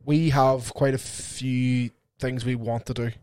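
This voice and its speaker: A man co-hosting a podcast, talking in a rambling, animated way and swearing casually. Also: medium pitch, slow pace, clear, resonant tone, no echo. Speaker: podcast co-host. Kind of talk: casual chat. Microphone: podcast mic.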